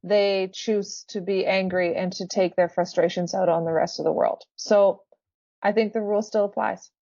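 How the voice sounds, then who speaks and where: A woman's voice: medium pitch, fairly even intonation, moderate pace, mellow, dry recording. A woman who sings in a band, a guest in a casual interview, talking earnestly and laughing easily. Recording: dull lo-fi dry sound.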